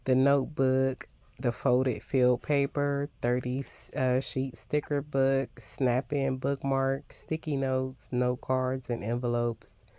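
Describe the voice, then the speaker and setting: An older woman doing a casual unboxing vlog, gushing with excited exclamations as she shows off crafting supplies. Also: a bass voice, slow, clean tone, dry recording. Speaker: crafting vlogger.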